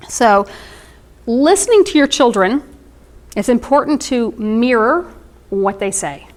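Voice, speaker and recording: A woman in her thirties giving an informal presentation on emotional wellness, conversational and explanatory, with frequent ums and asides. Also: a little high.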